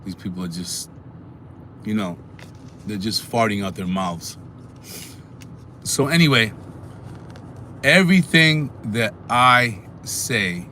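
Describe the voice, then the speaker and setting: A man hosting a casual live stream, animated and talking back to his chat. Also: fairly low pitch, a little hiss or hum. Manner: animated, talks back to chat, sings snatches.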